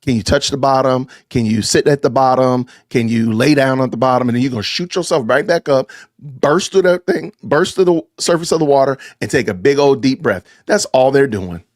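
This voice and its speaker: A podcast host with a mid-range male voice speaks briskly during a livestream, reacting to clips. He is emphatic and animated, repeating points to drive them home. The audio is studio quality with no room sound.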